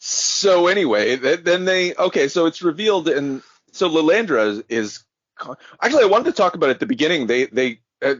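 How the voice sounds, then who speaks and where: Husky male co-host, animated pitch, hesitant; dry, dull lo-fi audio. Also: brisk, dry recording. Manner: rambling, hesitant, giggly. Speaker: podcast co-host. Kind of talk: casual chat.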